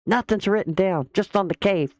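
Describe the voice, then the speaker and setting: A woman's voice: mid-range voice, a little mellow, no echo. A woman hosting a reaction commentary, sarcastic and dismissive. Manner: mocking, dismissive. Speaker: commentary host.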